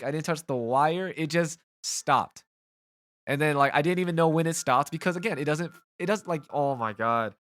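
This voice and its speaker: A man giving let's play commentary in a frustrated, rambling, halting way from a home gaming setup. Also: fairly high pitch, a bit bright, no echo. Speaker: gaming channel host.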